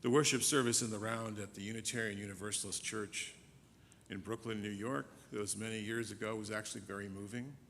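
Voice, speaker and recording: A male minister preaches in a church, his voice bright and forward, with a long reverb tail. He tells a story, swinging from hushed, drawn-out lines to loud, quick bursts. A faint low rumble sits under the sound. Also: fairly even intonation, creaky. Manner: storytelling, shifts from soft and slow to loud and fast. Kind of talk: sermon. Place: church sanctuary.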